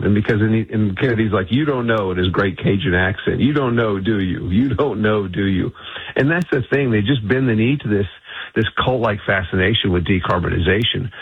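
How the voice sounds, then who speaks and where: Deep husky-voiced man on a dull radio line. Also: dry recording. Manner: emphatic, assertive, frequent restarts. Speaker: energy institute CEO, guest. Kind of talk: radio interview, advocacy.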